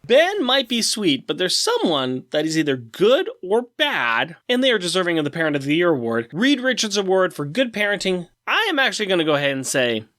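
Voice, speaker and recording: A man's voice: high-pitched, wildly swooping pitch, a little fast, few pauses, a bit bright. A man co-hosting a podcast, talking casually and teasingly about comic books. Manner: playful, teasing. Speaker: podcast co-host. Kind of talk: casual comic book chat.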